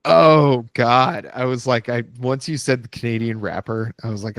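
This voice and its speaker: A man's voice: mid-range voice, steady tone, unhurried, hardly any pauses, dry recording, studio quality. A man co-hosting a podcast in casual chat, wry and teasing, laughing easily. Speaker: podcast co-host.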